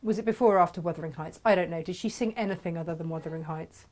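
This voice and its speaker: A woman's voice: on the low side, racing, a little mellow. A woman in her forties hosting a live craft show, chatting casually and laughing as she shows fabrics. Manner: chatty, laughing, trails off into asides.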